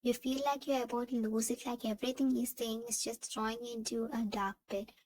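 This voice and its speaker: A woman reading second-person fan fiction narration in an even, steady way. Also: on the high side, a little fast, rough recording.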